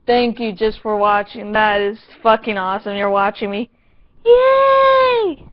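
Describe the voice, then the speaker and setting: A woman's voice: on the high side, lo-fi sound. A woman reviewing a TV episode in a casual vlog, sarcastic, playful and given to swearing.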